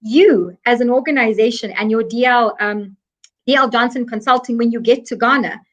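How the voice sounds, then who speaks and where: An African woman with a high voice speaks as an interview guest. She explains with emphasis and earnest repetition, driving each point home. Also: normal speed, a bit bright, highs cut off. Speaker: guest expert on African trade.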